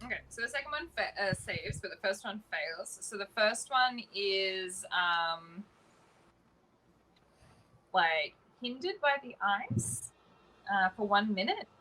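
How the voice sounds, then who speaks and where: A woman's voice: medium pitch, sing-song, takes it slowly, sharp tone, rough recording. An Australian woman playing a tabletop game online, chatty as she explains her spells and their rules. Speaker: player. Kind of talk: casual tabletop game chat.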